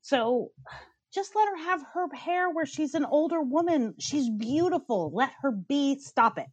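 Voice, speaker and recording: A woman's voice: high voice, lively intonation, unhurried, dry recording. A woman co-hosting a podcast, giving blunt, profane, opinionated reviews in casual chat and ranting with bursts of laughter. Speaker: podcast co-host.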